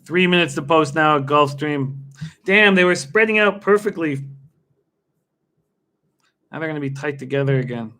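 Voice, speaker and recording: This young man runs a laid-back live stream where he bets on horse races. His high, ringing, forward voice carries his excitement as he laughs readily and answers viewers by name.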